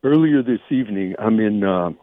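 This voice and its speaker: A man's voice: fairly low pitch, animated, moderate pace, no echo. A congested man calling in to a radio show, rambling and chatty as he tells his story. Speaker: caller. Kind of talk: casual call-in chat. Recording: tinny phone line.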